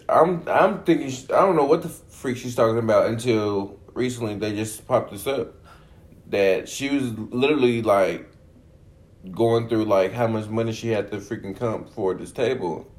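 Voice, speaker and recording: A man who works in a restaurant, chatting casually with coworkers, swearing and acting out how he greets tables. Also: medium pitch. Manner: animated, swearing, acts out table talk. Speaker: restaurant server. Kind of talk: casual chat.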